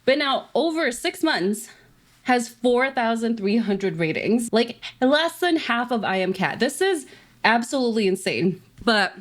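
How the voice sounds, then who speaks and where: A young woman in her twenties giving casual, excitable commentary while playing a VR game, bursting into squeals and laughter when startled. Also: a little high, a little slow. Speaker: VR gaming YouTuber.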